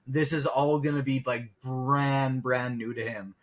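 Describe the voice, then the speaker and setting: A man's voice: medium pitch, steady tone, unhurried. A man in a casual podcast chat, rambling and hedging as he talks. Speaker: podcast co-host.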